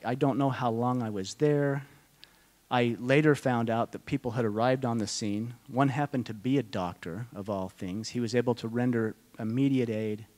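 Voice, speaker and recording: Middle-aged guy on stage telling his story, halting and emotional, goes quiet and slow a lot. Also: mid-range voice. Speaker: conference speaker. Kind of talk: personal testimony talk to an audience. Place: conference hall.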